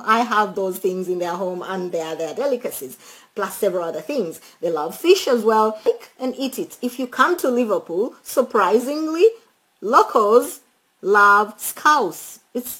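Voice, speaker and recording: Chatty, animated woman giving travel tips. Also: on the high side, poor audio. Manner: chatty and animated, laughs often, addresses viewers and friends by name. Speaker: travel vlogger. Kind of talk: casual travel tips chat.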